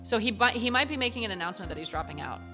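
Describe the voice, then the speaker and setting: A woman in her twenties from the United States rambles through let's-play commentary, giggling often. Her voice is fairly high and bounces up and down. Game music plays clearly underneath her. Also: expressive, rapid-fire. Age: 20s. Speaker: gaming channel host.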